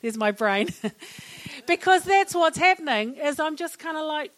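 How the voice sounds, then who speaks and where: A middle-aged woman with a New Zealand accent speaks to an audience about mental wellness. Her voice sits a little high. She is chatty and humorous, and she often laughs at her own jokes. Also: expressive, moderate pace. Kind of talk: public talk to an audience.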